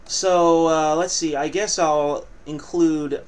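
A man with a somewhat high-pitched voice hosts a casual commentary vlog, reading news pieces aloud. Between the readings he slips into joking, self-praising asides. A faint hiss of noise runs underneath. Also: steady tone, slow. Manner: joking, playfully boastful asides.

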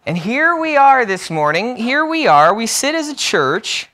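A man's voice: very high-pitched, big pitch swings, unhurried, bright, forceful tone. A man preaching a sermon in a church, mixing self-deprecating jokes with earnest, emphatic points. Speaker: pastor. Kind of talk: sermon with opening prayer. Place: church sanctuary.

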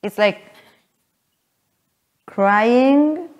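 Woman running a voice workshop, slow halting talk, lots of fillers, kinda high voice. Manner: halting, filler-heavy explaining, with frequent laughs. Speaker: voice workshop teacher. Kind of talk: live teaching talk with sung demonstrations. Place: workshop room with an audience.

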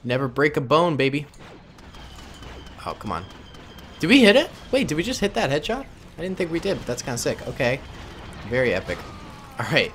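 His voice a little high and a bit bright, a gaming YouTuber talks briskly yet pauses often, his pitch swooping wildly. A little hiss or hum sits in the recording as he jokes over his own gameplay with viewers he calls "boys."

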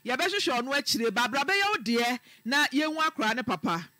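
A woman's voice: high voice, expressive, fairly quick, pushed and bright, no echo. A woman hosting a radio advice show, questioning her caller directly and firmly.

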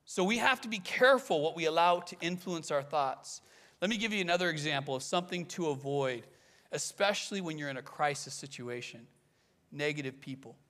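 A man preaching a sermon as pastor, animated and acting out quoted voices. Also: a little high, fairly quick.

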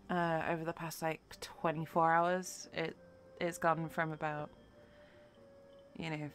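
A young woman streaming live while she paints, tired and worn out, reading her chat aloud and answering viewers with encouragement. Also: deep voice. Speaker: livestreamer.

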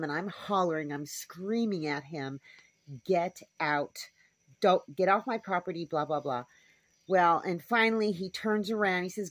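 A woman's voice: medium pitch, no room sound. A woman homestead vlogger telling a story to camera in a frank, rambling, casual way. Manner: rambling, frank, with fillers and asides.

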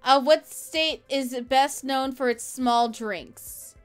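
A woman live streamer talks casually from her home as she plays a game. She rambles along in a high, smooth voice while answering her viewers' messages. Faint background music runs under her talk. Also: slow.

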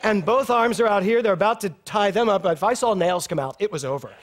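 This middle-aged minister speaks fast and high-pitched while preaching at a spiritual center, with some chatter behind him and a little hiss or hum. His sermon is a lively personal anecdote full of laughter and acted-out conversation.

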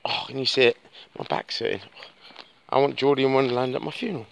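A man rambling chattily into his phone while walking home on a dark road at night, swearing freely as he talks. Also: mid-range voice, steady tone, fast talker, vocal fry, dull audio. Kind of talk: casual vlog monologue. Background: birds tweeting, faint outdoor noise.

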